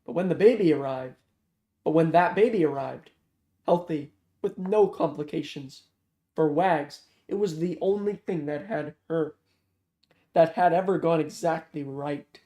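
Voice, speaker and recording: A man narrating a novel aloud in a steady, measured way. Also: a little high. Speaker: audiobook reader. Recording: roomy echo.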